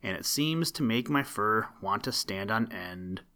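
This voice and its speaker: A man voicing a timid, gentle young male rabbit in a storybook reading. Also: lowish voice, expressive, measured pace.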